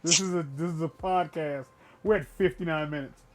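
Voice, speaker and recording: A man co-hosting a gaming podcast, casually and profanely retelling a film, with bursts of loud emphasis. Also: on the high side, steady tone, a little fast, noisy background.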